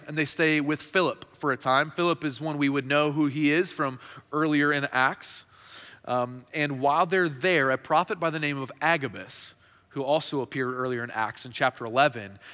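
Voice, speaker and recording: A man's voice: fairly high pitch, sharp tone. A male pastor preaching a sermon in a conversational way, often restarting his sentences. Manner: conversational, with frequent restarts and fillers. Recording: reverberant hall.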